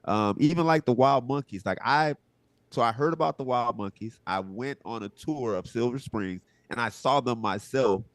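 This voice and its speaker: A man's voice: medium pitch, normal speed, no room sound. A man from Southwest Florida, a comedian guest on a talk show, chatting casually and acting out little quoted exchanges. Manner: relaxed, rambling, acts out quotes. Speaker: guest, social media comedian. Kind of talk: casual interview chat.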